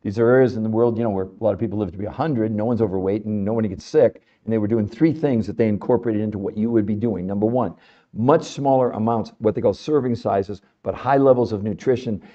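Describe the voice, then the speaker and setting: A man hosting a podcast, delivering an animated, emphatic health talk full of rhetorical questions to his audience. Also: on the low side, quick pace, lo-fi sound. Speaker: podcast host.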